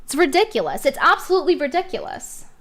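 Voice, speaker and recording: A young woman streamer speaks in a high, bright voice, worked up and indignant. She fires off rhetorical questions and circles back to the same points again and again, her delivery clearly heated. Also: sing-song, quick pace. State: upset, heated. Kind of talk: heated commentary rant.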